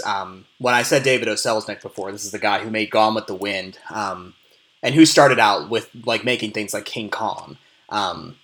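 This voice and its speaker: A man's voice: mid-range voice, a bit bright. Male podcaster breaking down a classic film, mid-range voice, chatty and thorough. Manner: detailed, explanatory, with frequent restarts. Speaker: podcast co-host discussing a film. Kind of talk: casual film discussion.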